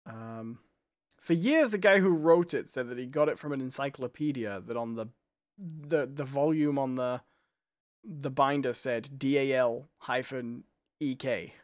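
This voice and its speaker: A man with an English accent co-hosting a casual chat, opinionated and quick to laugh. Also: mid-range voice, dry recording, studio quality. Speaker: co-host.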